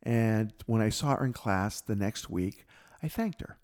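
A middle-aged man co-hosting a podcast, telling a personal story in a casual, reflective way and lively when quoting others. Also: on the low side, measured pace. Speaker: podcast co-host.

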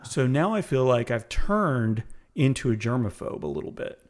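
A man co-hosting a podcast, talking in a relaxed, chatty way with lots of fillers. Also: medium pitch, moderate pace. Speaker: podcast co-host. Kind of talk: casual chat.

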